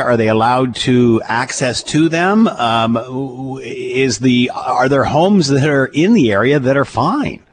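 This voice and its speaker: A man hosting a radio talk show, speaking in a relaxed way with fillers and restarts. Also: medium pitch.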